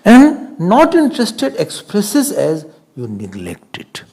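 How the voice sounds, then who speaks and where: A man giving a spiritual discourse as a swami, animated and laughing often as he acts out everyday scenes. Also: high voice, slow pace, vocal fry, husky. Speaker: swami giving a scripture talk.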